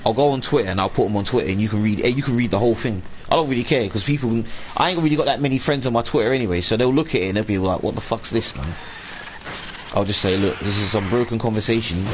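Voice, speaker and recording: A man's voice: on the low side, racing, hardly any pauses. A man venting at length on a live stream, rambling and swearing as he quotes people in a raised voice. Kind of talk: casual live-stream rant. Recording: dull lo-fi stream audio, faint room hum.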